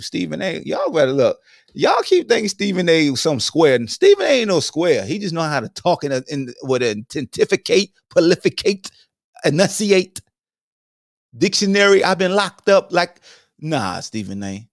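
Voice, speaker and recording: A man hosting a podcast, delivering a joking commentary monologue in slang, swinging between high exclamations and low mutters. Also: vocal fry, no echo, clean studio sound. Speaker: podcast host. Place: home streaming setup.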